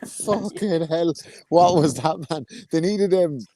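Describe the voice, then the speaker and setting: A man's voice: fairly high pitch, measured pace, background noise. A man co-hosting a boxing podcast, chatting in sweary, laughing banter. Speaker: podcast co-host.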